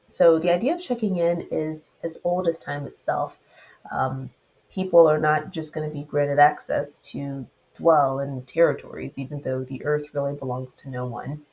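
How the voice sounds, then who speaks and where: A woman's voice: deep voice, steady tone, moderate pace, a little mellow, dull audio. A woman with a Southern US accent teaching a Bible study, retelling the verses and then adding loose commentary of her own.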